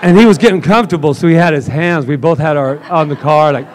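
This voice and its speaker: A man's voice: a little high, quick pace, hardly any pauses. A man giving a casual, conversational sermon at a church service, telling stories and acting out the dialogue. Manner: casual and chatty, acts out quoted dialogue. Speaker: minister.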